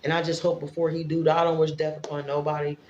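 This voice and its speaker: A woman's voice: deep voice, level tone, fast, a little mellow, roomy sound, dull audio, slight background noise. A woman from Indiana talking straight to her viewers in a casual vlog, rambling and emotional. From Fort Wayne, Indiana, US. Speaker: vlogger. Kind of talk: casual livestream-style vlog talk.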